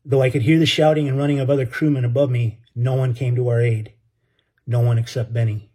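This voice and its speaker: A man's voice: medium pitch, little pitch movement, a little fast, mellow, slightly rough. A man narrating an audiobook story in an earnest, dramatic way.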